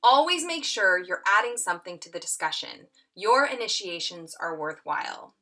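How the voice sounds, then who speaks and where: Woman teacher, bright voice, animated reading, acts out quotes, tutorial. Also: mid-range voice, moderate pace. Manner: lively, expressive reading with acted-out quotes.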